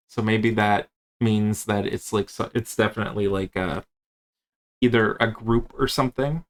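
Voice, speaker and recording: Low-voiced man rambling through game rules. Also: fairly even intonation, normal speed. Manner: rambling, with many fillers and restarts. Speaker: game master and tabletop game presenter. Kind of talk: casual rulebook walkthrough.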